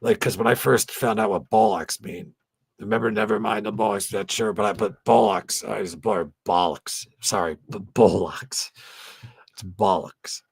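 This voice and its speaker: A low-voiced man with a gravelly, husky edge hosts a late-night live stream, chatting loosely and rambling from one thought to the next. He swears freely and keeps the talk casual and unscripted, and his voice sits close and dry, with no room sound around it. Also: fairly even intonation, moderate pace, no room sound. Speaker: host of a fan tribute channel.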